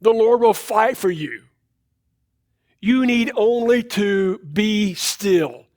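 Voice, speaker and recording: Moses, a preacher doing a bold steady leader. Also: male voice, high voice, voice pushed up. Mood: reassuring. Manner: slow, emphatic, rising delivery.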